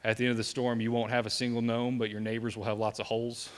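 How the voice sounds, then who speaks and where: A man's voice: medium pitch, little pitch movement, fast. A young man with a Southern accent gives a live safety presentation, joking with the crowd and checking in with "right?". His voice sits in an ordinary middle register. A long reverb from the large hall trails behind his words. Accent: Southern American. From American South. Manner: joking, conversational, asks the room "right?".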